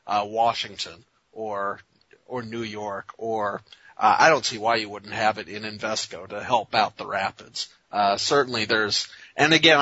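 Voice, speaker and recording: A man co-hosting a soccer talk show, speaking in a rambling, halting, wry way with lots of restarts. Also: mid-range voice, sharp tone, muffled recording. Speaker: soccer podcast co-host. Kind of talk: casual sports talk.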